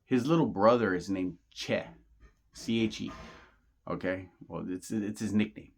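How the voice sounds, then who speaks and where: A man with a fairly low voice tells a personal story straight to his listeners. He rambles, circles back and repeats himself, leaning on casual slang. He sounds earnest and insistent throughout. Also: a little slow. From Southern California. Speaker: channel host.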